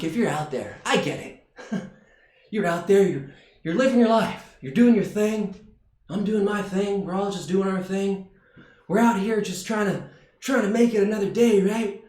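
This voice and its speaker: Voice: mid-range voice, moderate pace, a little mellow. A streamer doing improvised live comedy, chatting and joking directly with viewers. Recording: roomy echo.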